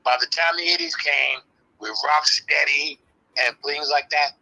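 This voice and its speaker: An older man, calmly and firmly explaining history as an interview guest. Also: on the high side, low-quality recording. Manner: firm, measured, explaining insistently. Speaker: interview guest, early hip-hop practitioner. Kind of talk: live online interview.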